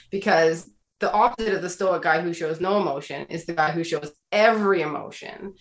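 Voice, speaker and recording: Animated woman guest in a roomy space. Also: lowish voice, fairly quick. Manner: animated, opinionated explainer. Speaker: podcast guest. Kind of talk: casual chat.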